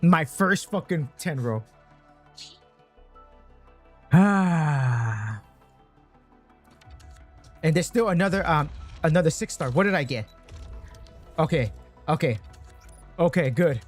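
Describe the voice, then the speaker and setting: A man streaming a game, chatting casually with his viewers, swearing constantly and getting excited over his pulls. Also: a little high, normal speed, long pauses, soft background music. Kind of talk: casual gaming stream chat.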